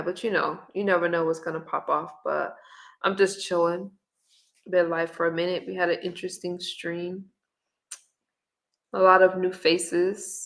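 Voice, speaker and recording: A middle-aged woman hosting a casual livestream, chatting in a relaxed way and reading viewer comments and recipes aloud. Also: on the low side, gravelly. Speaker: livestream host. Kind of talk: casual live-stream chat. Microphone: webcam or phone on camera.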